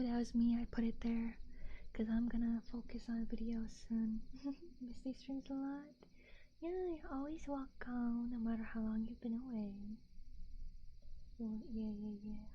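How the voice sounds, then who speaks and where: A woman's voice: a little high, muffled recording, slight background noise. Sleepy whispering woman streamer, whispered role-play. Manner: soft sleepy whisper, chatty and rambling. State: sleepy, yawning. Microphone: binaural mic.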